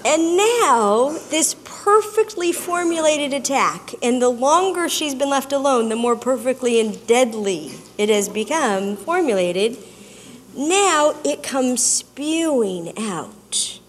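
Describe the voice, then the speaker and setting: A woman giving an expressive, storytelling talk to an audience, drawing out her emphasis. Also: sits high, takes it slowly, a little hiss or hum. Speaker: speaker. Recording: long hall reverb.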